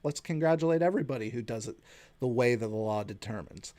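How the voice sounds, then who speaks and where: A man's voice: mid-range voice, fast talker, warm tone. A man in his late thirties from the United States hosting a solo podcast, giving his opinions in an earnest, conversational way. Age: late 30s. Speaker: podcast host.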